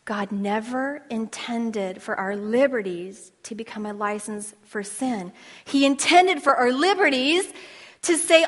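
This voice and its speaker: A woman's voice: on the high side, measured pace, in a large hall. Passionate woman teaching scripture. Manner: emphatic, swings between loud declarations and hushed asides; asks the audience questions for response. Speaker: women's Bible teacher. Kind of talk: passionate sermon.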